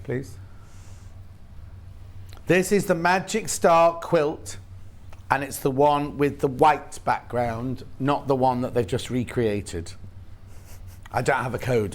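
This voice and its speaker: Chatty British man selling on TV. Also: medium pitch. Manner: chatty, quick asides, lists products eagerly. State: has hiccups. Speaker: shopping channel presenter. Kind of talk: live TV sales chat.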